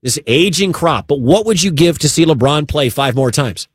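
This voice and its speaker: A man's voice: a little high, animated, moderate pace, husky, dry recording, clean studio sound. A man hosting a sports talk radio show, talking emphatically and repeating his points for stress.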